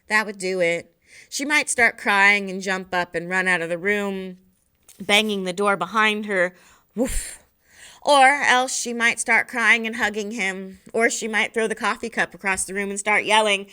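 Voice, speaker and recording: A woman, a teacher, reading a novel aloud expressively, slowing down on key phrases. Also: mid-range voice, fairly even intonation, sharp tone, clear, resonant tone. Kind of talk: expressive read-aloud narration.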